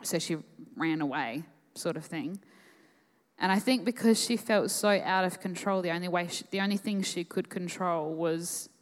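Australian woman, young adult, emotional halting story, lower pitch, echoey conference hall. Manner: emotional, halting, many fillers. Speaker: conference guest speaker. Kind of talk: personal story on stage.

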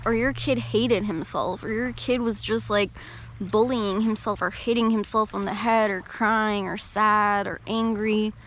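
A woman coach and podcast host giving a reflective talk in a gentle, slow, soothing way. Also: a little high, slight background noise.

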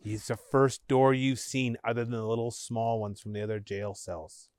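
A man's voice: mid-range voice, little pitch movement, normal speed, a little mellow, dry recording. Dry-voiced man narrating a story. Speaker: podcast host and storyteller.

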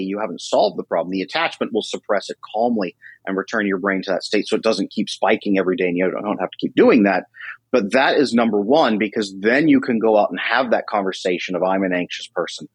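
A man talking casually as a guest on a podcast about controlling anxiety, telling animated stories and acting out his friends' voices. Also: fairly low pitch, slightly rough, no echo, rough recording.

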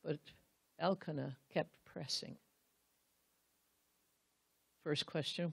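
A woman's voice: sits low, fairly even intonation, slow, gravelly, pauses often, no echo. A woman Bible teacher giving a sermon, speaking earnestly and straight to the husbands in the room, acting out the quotes she reads.

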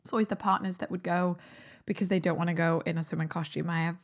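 A British woman, a holistic nutritionist, hosting her own podcast in a chatty, upbeat way, her voice still a little croaky from a recent cold. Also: on the low side, fairly even intonation, fast. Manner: chatty and upbeat, with frequent fillers and restarts. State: slightly croaky voice recovering from a cold. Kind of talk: casual solo podcast talk.

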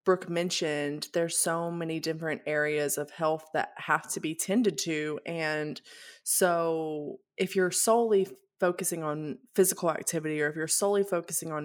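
A woman with a fairly low voice co-hosting a podcast. She talks in an earnest, reflective way, full of casual fillers. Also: steady tone, moderate pace. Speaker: podcast co-host. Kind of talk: casual chat.

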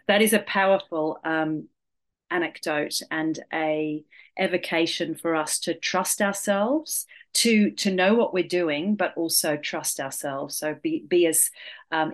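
A woman's voice: deep voice, unhurried. A woman hosting an interview, reflecting back what she heard in a thoughtful, word-searching way. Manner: thoughtful, searching for words, affirming. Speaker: host.

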